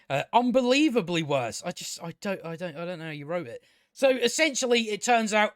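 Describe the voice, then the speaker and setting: Male TV reviewer, high-pitched, dry recording, profane and sarcastic, stumbles over his words. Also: expressive, moderate pace, fairly bright tone, no room sound. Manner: stammering, frequent restarts. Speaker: TV show reviewer. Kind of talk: casual solo review rant.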